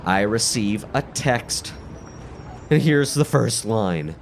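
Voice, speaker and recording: Wildly animated comic storyteller man. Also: medium pitch, drawn-out words, over music. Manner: wildly swooping, exaggerated delivery.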